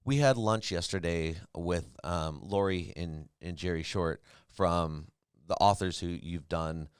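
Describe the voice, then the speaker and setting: A man's voice: deep voice, a little slow, clean tone, no room sound, studio quality. A man co-hosting a podcast, talking casually and earnestly about parenting, often restarting his sentences. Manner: earnest, restarts and repeats himself, advice-giving. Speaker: podcast co-host.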